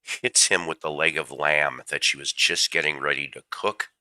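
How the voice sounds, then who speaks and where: A man's voice: a bass voice, fairly even intonation, moderate pace, pushed and bright, no echo. A man, fighting a cold, hosting a casual livestream and rambling through stories with jokey asides. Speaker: livestream host. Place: home room with his cat.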